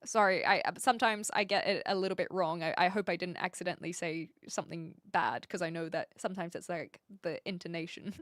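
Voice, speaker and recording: A woman's voice: fairly low pitch, fairly quick, hardly any pauses, fairly bright tone, no echo, clean studio sound. A woman live streamer chatting casually with her viewers, thinking aloud and laughing often. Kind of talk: casual live-stream chat, reading chat messages.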